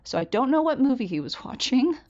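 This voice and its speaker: A woman's voice: sits high, sing-song, brisk, darkish tone, highs cut off. A woman co-hosting a film podcast, chatting casually with many fillers and reading from notes. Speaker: podcast co-host.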